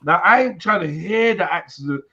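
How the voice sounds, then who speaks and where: A young man hosts a casual panel stream, teasing the others loudly and laughing often. His voice sits a little high, and the audio comes through slightly muffled. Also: animated, moderate pace, music in the background. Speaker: live stream host.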